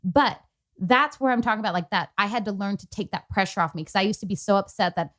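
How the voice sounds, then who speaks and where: A woman's voice: medium pitch, fast talker, a bit bright. Woman podcast co-host chatting casually, retells convos, says like a lot. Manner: storytelling, retells conversations with many "like"s.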